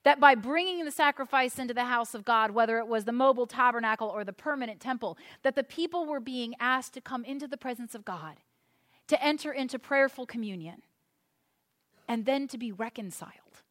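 High-voiced woman preaching earnestly. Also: fairly bright tone. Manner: earnest, emphatic preaching with deliberate repetition. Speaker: pastor. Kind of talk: sermon.

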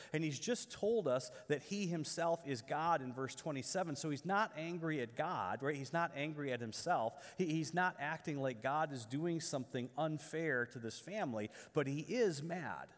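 A man's voice: a little high, in a large hall. A man preaching a sermon in earnest, asking rhetorical questions and often restarting his words. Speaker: pastor.

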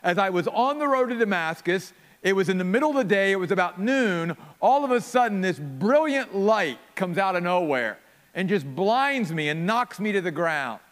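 A man's voice: high-pitched, lively intonation, moderate pace, fairly bright tone, long reverb tail. A man preaching a sermon voices the apostle Paul urgently retelling his conversion.

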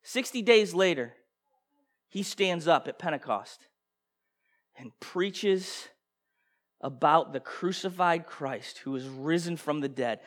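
A man preaching a sermon with passion, firing rhetorical questions and swinging between loud bursts and hushed intensity. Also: fairly high pitch, expressive, slow, long pauses.

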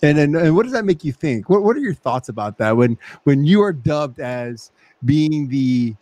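A man hosting a podcast as a pastor, speaking in an even, steady way and asking thoughtful questions. His voice is recorded close and dry, with no room sound. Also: a little high, moderate pace, dry recording. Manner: steady, asks reflective questions. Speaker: host pastor. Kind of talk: casual podcast chat.

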